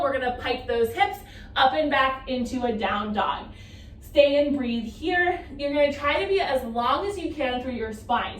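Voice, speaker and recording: A woman's voice: fairly high pitch, a bit bright. A woman in her thirties teaching a Pilates class, counting reps and cueing breaths in an encouraging way. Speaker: Pilates instructor. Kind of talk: guided exercise class cueing. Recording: roomy, distant mic with faint noise.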